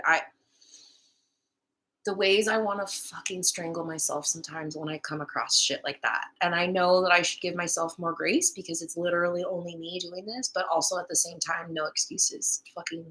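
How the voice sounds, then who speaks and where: A young woman with a lowish, steady, sharp-toned voice hosts a casual live stream about manifesting at a moderate pace. She's chatty and candid, swearing freely, laughing often, and dropping in Spanish words.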